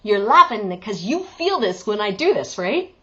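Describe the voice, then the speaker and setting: A woman's voice: mid-range voice, very animated, normal speed, pushed and bright, muffled recording. A woman teaching an online singing lesson, chatty and joking, breaking into sung examples. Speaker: vocal coach.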